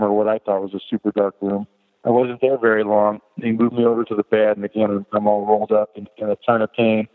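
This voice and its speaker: Middle-aged male podcast guest, low voice, candid rambling storyteller, heard on a phone-like line with long reverb. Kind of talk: personal story told in an interview.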